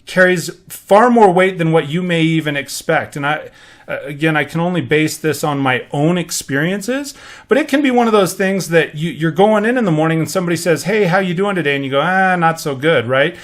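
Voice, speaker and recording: A man's voice: on the high side, expressive, brisk. A middle-aged man hosting a podcast, talking casually about leadership, rambling with many restarts and acting out quoted chatter. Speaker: podcast host. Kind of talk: casual motivational monologue.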